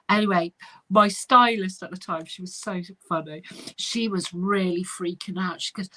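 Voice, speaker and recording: A middle-aged woman, a spiritual medium telling an animated story in casual chat. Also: mid-range voice, normal speed. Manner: animated anecdotal, chatty with fillers.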